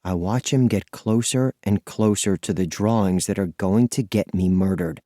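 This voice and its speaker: A man narrating an audiobook in the first person, expressive and lively in his storytelling. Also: on the low side, normal speed, no room sound, clean studio sound.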